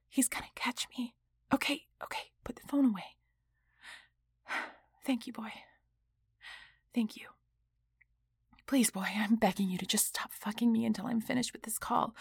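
A high, breathy whispered role-play voice of a flustered wife, performed by a woman. She drops into hushed whispers and then breaks into pleading. The sound is close and dry, with no room around it. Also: no echo, exaggerated voice. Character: flustered married woman, tied up, hiding a secret. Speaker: voice actor in an audio role-play.

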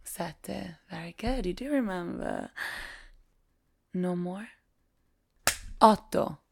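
A woman playing a strict, teasing Italian tutor in a whispered role-play, slow and domineering with soft laughs. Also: on the low side, expressive, gravelly, slight background noise, full character voice.

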